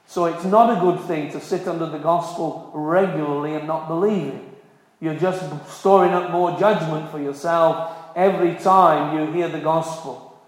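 A man's voice: a little high, fairly even intonation, normal speed. A man preaching a sermon, earnest and emphatic, repeating key phrases for stress. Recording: very echoey hall with long reverb.

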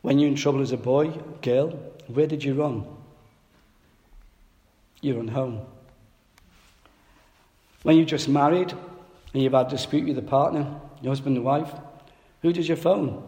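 A man preaching a sermon, telling a funny story from his boyhood with lively, self-mocking humor. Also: mid-range voice, a little slow, long pauses, highs cut off. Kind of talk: sermon with humorous personal anecdote. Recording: echoey hall with long reverb.

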